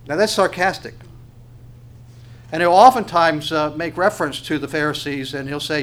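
Guy preaching a sermon, kinda high-ish voice, chatty, keeps asking the room questions. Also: normal speed, a little hiss or hum. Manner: conversational, with rhetorical questions and tag questions.

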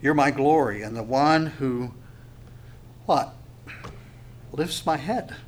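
A man preaching a sermon in an earnest, halting way, stumbling over restarts and then pushing hard on key phrases. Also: medium pitch, a little hiss or hum. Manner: earnest, halting, with many restarts and sudden bursts of emphasis. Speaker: pastor.

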